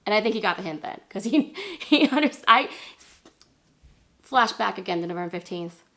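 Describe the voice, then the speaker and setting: Chatty woman vlogger with a gravelly edge. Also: normal speed. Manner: animated, acts out quotes with squealing high pitch jumps; chatty, many fillers and self-deprecating laughs. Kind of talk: casual storytelling vlog.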